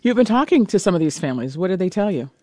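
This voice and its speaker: A woman hosting a morning radio news show, asking brisk questions. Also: on the low side, very animated, a little mellow, no room sound, studio quality. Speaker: news host.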